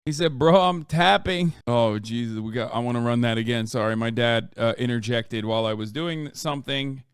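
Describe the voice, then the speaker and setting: A man in his thirties streaming casual reaction commentary from home, profane and animated, quick to exclaim. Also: medium pitch, clean tone, no echo. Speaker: streamer reacting to a fight video.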